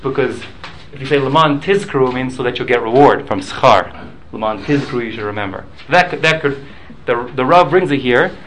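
A man's voice: mid-range voice, brisk, hardly any pauses, fairly bright tone, slight background noise, rough recording. A man teaching a Talmud class, explaining rules with examples and often repeating and restarting his words.

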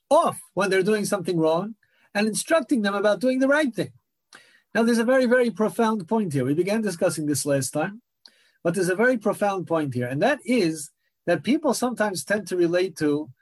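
Earnest high-voiced man teaching Torah. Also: no echo. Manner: earnest, repeats phrases for emphasis. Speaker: rabbi teaching a class. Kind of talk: Torah lecture.

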